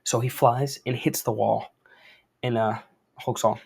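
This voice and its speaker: A young man with a gravelly, darkish mid-range voice and a breathy edge reads a comic aloud a little slowly, with fairly even intonation and long pauses. He chats about it casually, dropping slang and laid-back, hedging comments.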